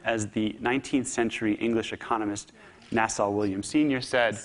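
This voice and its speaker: A man giving a public talk, telling a story with humor and lively delivery. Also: lowish voice, normal speed. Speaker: speaker.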